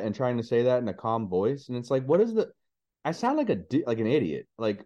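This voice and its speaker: A man's voice: medium pitch, sing-song, fairly quick, mellow, dull audio. A man co-hosting a podcast in casual chat, speaking frankly about his struggles as a parent. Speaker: podcast co-host.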